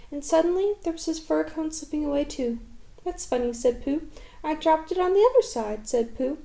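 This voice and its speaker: Female storybook reader, high, mellow, calm, echoey room. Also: creaky. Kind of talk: storybook read-aloud.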